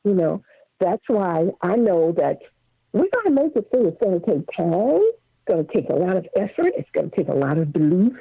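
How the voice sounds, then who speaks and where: Older woman, singer guest, lively storyteller, husky voice, tinny dry phone line. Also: on the low side, moderate pace, dry recording. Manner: animated storyteller, acts out quotes. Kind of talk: casual interview over the phone.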